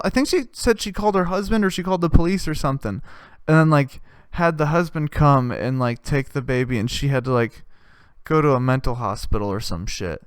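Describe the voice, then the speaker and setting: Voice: medium pitch, a little fast, clean tone, no room sound, studio quality. A young adult podcast host telling a profane, ranting comic story. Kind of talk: comedic storytelling monologue.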